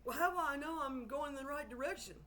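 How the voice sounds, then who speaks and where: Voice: sits high, fast, bright, forceful tone, voice pushed up. A storyteller voicing a sad, childlike elephant with a whiny voice. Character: crying pink elephant, childlike.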